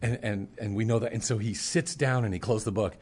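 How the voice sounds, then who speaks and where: Husky-voiced man preaching a testimony. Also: lowish voice, brisk. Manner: animated storyteller, acts out quoted voices. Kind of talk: testimony in casual talk.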